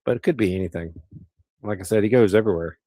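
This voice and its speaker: A man's voice: on the low side, fast talker, warm tone, no room sound. A middle-aged man, hosting a casual livestream and rambling easily through viewers' comments. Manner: rambling, easygoing, with frequent restarts. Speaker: livestream host.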